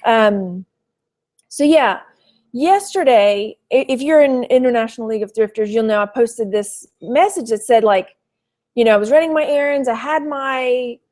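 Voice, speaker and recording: A woman's voice: fairly high pitch, normal speed, a little mellow. Rambling, chatty woman live-streaming. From Texas. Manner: rambling, heavy on "you know" fillers, greets viewers mid-story. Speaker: thrift reseller vlogger. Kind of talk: casual live-stream chat.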